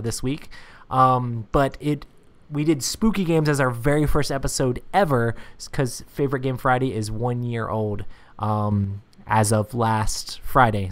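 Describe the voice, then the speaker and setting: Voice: medium pitch, measured pace. A podcast co-host wraps up an episode in a loose, upbeat way. The speech is casual and peppered with fillers.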